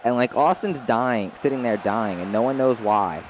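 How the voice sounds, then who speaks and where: A man's voice: mid-range voice, moderate pace, slight background noise. Rambling man chatting over a game. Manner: rambling storyteller, many fillers. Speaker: gamer. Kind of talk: casual chat while playing.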